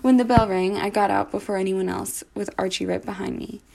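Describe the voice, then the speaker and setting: A woman reading her own first-person story aloud, with dramatic delivery. Her voice is dark and mellow with a gravelly fry, and she sometimes restarts a phrase. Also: mid-range voice, steady tone, a little fast.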